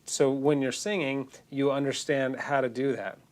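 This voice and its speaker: A man's voice: mid-range voice, fairly even intonation, normal speed, a little mellow. A man with a congested, nasal voice, teaching singing in a loose, casual lesson full of restarts. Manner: loose, demonstrating, self-correcting.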